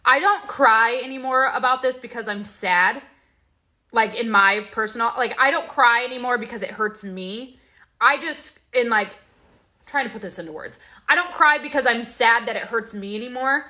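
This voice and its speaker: A woman's voice: on the high side, moderate pace, pushed and bright. A young woman hosting a casual vlog, talking in an emotional, confiding way with many fillers and restarts. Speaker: host.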